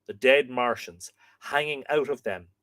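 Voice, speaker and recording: Reading a book chapter aloud on a live show he hosts, an Irish man pauses dramatically and slows for the quoted parts. His pitch is medium and slightly bright, and the recording is dry.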